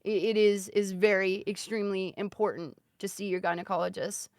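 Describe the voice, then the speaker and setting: A woman speaking in a mid-range voice recounts her story to a stream panel. She is earnest and emphatic, dropping into a soft, serious tone. The sound is dry and close. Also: mid-range voice, fairly even intonation, fairly quick, no echo. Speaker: guest sharing a health story. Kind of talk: casual storytelling.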